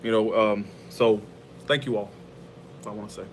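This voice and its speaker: A man hosting his tarot channel's livestream, chatting casually and warmly with viewers in a rambling, heartfelt way and laughing often. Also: on the low side, steady tone, moderate pace, slight background noise.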